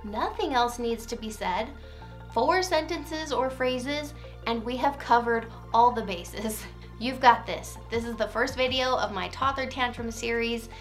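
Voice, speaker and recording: A woman who is a parenting coach, giving calm, clear, encouraging instruction and modeling phrases to say to a child. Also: on the high side, unhurried, faint music behind. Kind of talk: scripted instructional talk.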